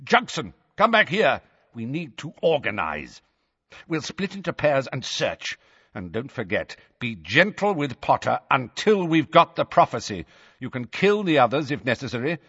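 A man's voice: mid-range voice, sing-song, normal speed, a bit bright, slightly rough, in a large hall, full character voice. A man doing Lucius Malfoy, a cold, imperious villain. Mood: commanding. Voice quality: imperious, barking orders. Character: cold commanding aristocratic male villain. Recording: dry, slightly muffled audio.

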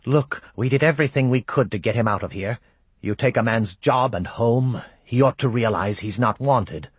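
A man reading aloud and voicing a frustrated male plotter who complains quickly. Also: medium pitch, breathy edge, no echo, natural voice.

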